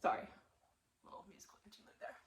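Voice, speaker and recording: A woman museum storyteller reading a picture book aloud to children, animated and asking them questions. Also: fast talker, background noise.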